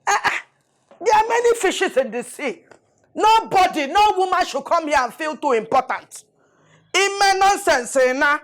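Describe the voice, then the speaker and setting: A woman's voice: very high voice, animated, normal speed. A scornful Nigerian mother-in-law. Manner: boastful, mocking, loud. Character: scheming domineering middle-aged Nigerian mother-in-law. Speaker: actor. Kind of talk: film drama acting. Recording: faint film music underneath.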